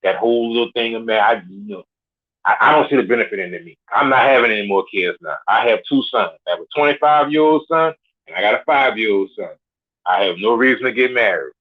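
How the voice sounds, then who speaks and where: A man's voice: medium pitch, animated, quick pace. A man of forty, a caller on a live show, ranting bluntly and with swagger, swearing constantly. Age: 40s. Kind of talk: profane rant. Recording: tinny phone line.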